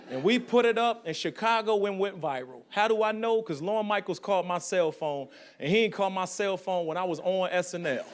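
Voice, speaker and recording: A man doing stand-up comedy, telling a story in an animated, profane way. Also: high voice, a little fast, few pauses.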